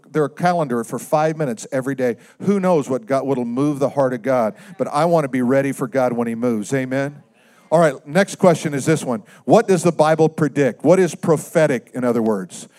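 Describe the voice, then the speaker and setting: With frequent questions for the congregation, the pastor preaches in a talk-like manner. He swings from booming, emphatic lines to low, quiet asides, and his delivery runs a little fast.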